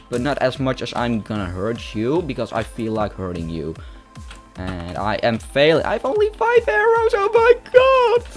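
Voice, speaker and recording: A European man giving excitable live commentary on a game, talking to opponents and to his viewers. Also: medium pitch. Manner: excitable, talks to opponents and viewers, yelps at kills. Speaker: gaming YouTuber. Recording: music playing under voice.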